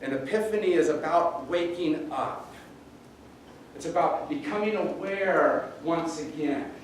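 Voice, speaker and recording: A pastor preaching a sermon in a conversational, halting way, often repeating words. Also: male voice, a little high, a little hiss or hum. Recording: roomy echo, distant mic, faint ambience.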